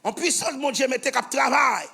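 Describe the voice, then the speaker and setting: A man with a Haitian accent preaching a fervent sermon as pastor, shouting in bursts and chanting repeated prayer phrases. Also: extremely high pitch, a little fast, vocal fry, husky. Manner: switches between English, French and Creole, chants repeated phrases.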